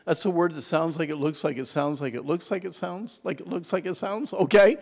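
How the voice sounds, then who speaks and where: A man preaching a Sunday school sermon to adults, teens and kids, swinging from hushed whispers to shouts and having the audience repeat words after him. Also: on the high side, brisk, gravelly. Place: church hall. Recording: long reverb of a church hall.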